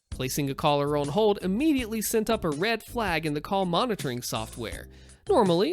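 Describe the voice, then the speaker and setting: A story narrator reading a first-person tale aloud with a wry, storytelling delivery. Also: mid-range voice.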